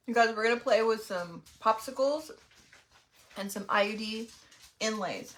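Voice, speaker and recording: Snacking as she talks, a middle-aged woman greets viewers during her craft livestream, chatty and friendly. Her voice is on the high side and she speaks at normal speed, leaving long pauses.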